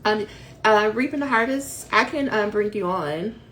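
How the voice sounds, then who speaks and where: A woman's voice: mid-range voice, moderate pace, a bit bright, slight background noise. A woman coaching dissertation writers on a livestream, speaking emphatically and calling her viewers "y'all" as she rants and encourages them. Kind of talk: motivational livestream talk to viewers.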